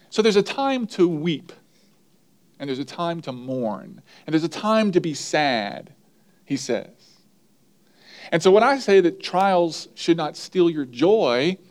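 Conversational male pastor, slightly high voice. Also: darkish tone. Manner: conversational, asks the congregation questions; repeats key lines for emphasis. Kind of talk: sermon. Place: church.

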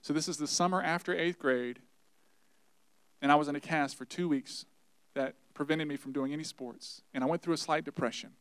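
A man preaching a sermon, telling personal stories earnestly and swinging between quiet, soft passages and loud, emphatic warnings. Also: on the high side, a little fast, smooth, dry recording. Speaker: pastor.

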